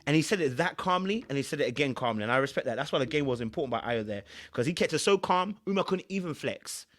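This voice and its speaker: A man's voice: medium pitch, expressive, quick pace, fairly bright tone. A man, a relationship coach giving emphatic, preachy reaction commentary.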